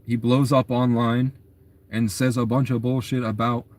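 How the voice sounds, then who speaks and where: A young man talks in a loose, rambling monologue at a mid-range pitch. His telling is agitated and keeps running on from one thought to the next. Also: level tone, normal speed, darkish tone. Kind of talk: casual storytelling monologue.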